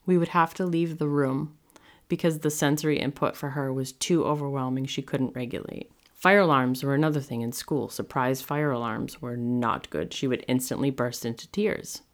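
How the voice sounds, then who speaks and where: A middle-aged woman from the US talks through personal stories as a podcast host, chatty and animated with plenty of fillers. Her voice sits unusually low. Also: normal speed. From United States. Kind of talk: casual monologue.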